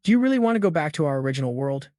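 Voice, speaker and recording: A man voicing a gentle teenage girl healer who speaks slowly and hesitantly. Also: a little high, very animated, no echo, clean studio sound. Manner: hesitant, slow.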